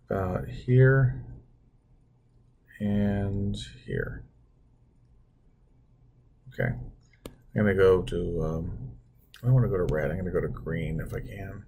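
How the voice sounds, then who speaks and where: With a deep, warm, husky voice, a man teaches math slowly and expressively, leaving long pauses. It's a screen-recorded lesson where he draws on the computer, explaining each step with self-deprecating asides.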